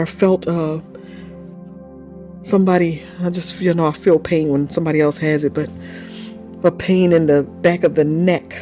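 A man's voice: a little high, a little mellow. A man leading a live prophetic prayer, speaking in tongues in rhythmic chanted syllables and laughing between fervent declarations.

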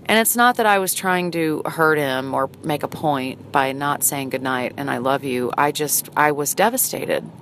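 A middle-aged woman telling a personal story in a halting, hesitant, earnest way. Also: low-pitched, a bit bright. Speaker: vlogger. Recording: noisy, with vehicle sounds behind.

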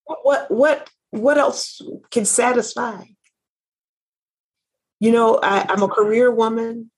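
Fervent woman minister on a faith talk show, husky tone. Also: a little high, slow pace. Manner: fervent, preacherly, repeats phrases. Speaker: minister and network founder. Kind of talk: christian talk show conversation.

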